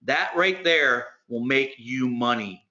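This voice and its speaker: Energetic man teaching sales. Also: medium pitch, slow, highs cut off. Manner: direct, energetic, talks to the audience as friends. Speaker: sales trainer. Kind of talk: instructional talk.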